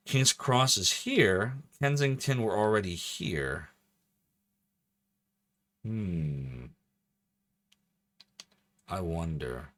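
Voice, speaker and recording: A man with a low but fairly bright voice casually commentates while streaming a video game. He's chatty, thinking aloud and joking as he plays, with no echo on the recording.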